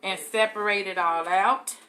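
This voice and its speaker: A woman's voice: medium pitch, fairly even intonation, measured pace, sharp tone, a little hiss or hum. A young adult woman leading a live soap-making tutorial, chatting casually and calling her viewers y'all.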